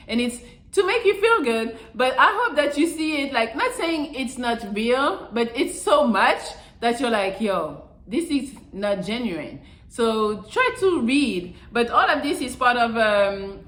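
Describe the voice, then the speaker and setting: Woman ranting advice to the camera, swears a lot, kinda high voice, echoey room. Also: expressive, a little slow, a bit bright, a little hiss or hum. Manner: blunt, profane, mocking impressions. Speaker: channel host. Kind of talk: casual advice monologue.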